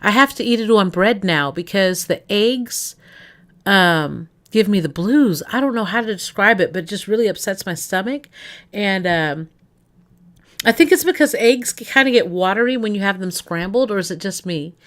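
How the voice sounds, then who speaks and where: A woman streamer with a bright, forward voice chats loosely with her audience. She rambles from thought to thought and keeps turning to talk to the viewers directly. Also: mid-range voice, animated, normal speed. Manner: rambling, chatty, addresses chat directly. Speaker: livestreamer. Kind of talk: casual stream chat.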